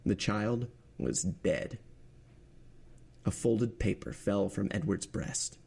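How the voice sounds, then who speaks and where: Man, low voice, steady expressive narration, reading a novel aloud. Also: slow, gravelly, husky. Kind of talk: audiobook-style narration.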